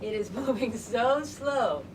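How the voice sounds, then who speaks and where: A middle-aged woman telling a personal story to a live audience in an animated, conversational way, acting out other people's voices. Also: fairly high pitch, slow, recorded from a distance, very noisy. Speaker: storyteller host.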